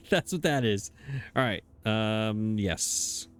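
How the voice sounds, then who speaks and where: Talking extremely slowly in a lowish, expressive voice with a clean tone, a man hosts a let's play. He muses aloud into his desk microphone, casually hesitating and chuckling at his own remarks.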